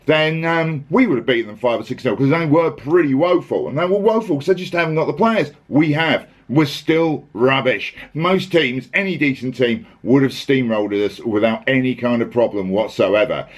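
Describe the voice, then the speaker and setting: A man's voice: medium pitch, moderate pace, few pauses. A man hosting a casual football chat, sarcastic and exasperated, rambling with restarts. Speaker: podcast host.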